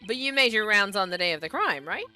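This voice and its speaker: An earnest young defense attorney questions a witness with plain, direct persistence, as a woman reads him. The voice is bright and clear, with faint music in the background. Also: mid-range voice, big pitch swings, quick pace. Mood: questioning.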